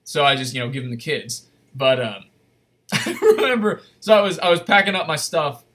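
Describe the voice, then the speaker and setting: A man telling a casual, rambling story on a convention panel, full of fillers and laughs, with high animated voices for the people he quotes. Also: moderate pace.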